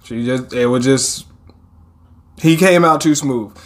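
A man's voice: medium pitch, slow pace. A man hosting a casual manga reaction, reading panels aloud and reacting with laughs and swearing.

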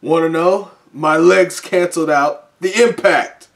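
A man's voice: mid-range voice, slow, pitched above the performer's own voice, natural voice. A man reading as a cocky rabbit heroine. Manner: cocky taunting. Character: brash fearless female rabbit hero.

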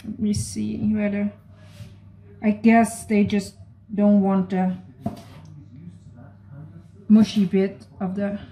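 A woman's voice: mid-range voice, monotone, takes it slowly, pauses often, warm tone. A woman from the Netherlands with a Dutch accent, chatting to viewers in a casual cooking vlog and reading out recipe steps, often apologizing. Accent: Dutch, with American-leaning English. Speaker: cooking vlogger.

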